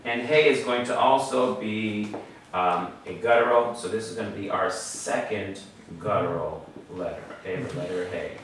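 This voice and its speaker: A man's voice: lowish voice, moderate pace, fairly bright tone. Man teaching in an echoey room. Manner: patient, explains step by step, checks in with "okay?". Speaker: Hebrew teacher. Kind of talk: classroom lesson. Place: classroom with students. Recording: echoey room from far off, faint noise.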